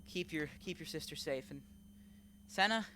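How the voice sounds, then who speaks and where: A woman voicing a dying young man who gets out his last words in halting, broken pleas. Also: low-pitched, pushed and bright, slight background noise.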